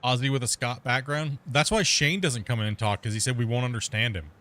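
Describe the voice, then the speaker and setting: Male streamer host, rapid rambling casual talk, middle pitch. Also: sharp tone. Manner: talks extremely fast, rambling with many restarts. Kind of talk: casual gaming chat.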